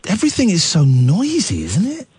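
A man hosts a late-night radio phone-in, his voice lively and swooping in pitch, sitting a little high for a man. He swings between playful teasing and quiet, candid talk. The studio sound is dry and close. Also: normal speed, husky, no echo. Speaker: radio host. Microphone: studio microphone.

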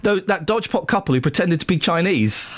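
Animated, jokey male radio host. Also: sits high, a little fast. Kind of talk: casual radio chat.

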